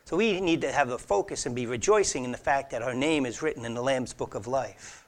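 A man preaching an earnest expository sermon, emphatic and conversational, swinging between loud declarations and hushed asides. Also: mid-range voice, fairly quick, vocal fry, few pauses. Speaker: pastor.

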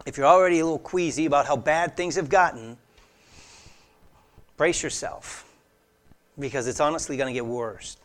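A male pastor preaching an expository sermon in a slightly high voice. He speaks earnestly and emphatically, rising loud on key phrases and dropping to hushed asides, with a casual, conversational edge and the odd restart.

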